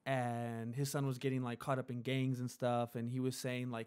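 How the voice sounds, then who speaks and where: A man's voice: moderate pace, clear, resonant tone. A man co-hosting a podcast, telling a story in casual chat and acting out the people he quotes. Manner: animated storyteller, acts out quotes in a high voice; laughs often while telling. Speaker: podcast co-host.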